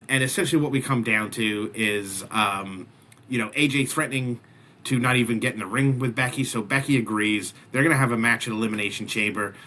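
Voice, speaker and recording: A man's voice: mid-range voice, brisk, bright, forceful tone. A man hosting a casual wrestling recap podcast, talking animatedly and often restarting his sentences. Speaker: wrestling show recap host.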